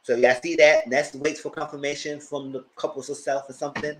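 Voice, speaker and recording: A man hosting a live TV review, chatting casually in a blunt, slangy, animated way. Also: on the high side, a little fast, low-quality recording. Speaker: host of a TV review channel.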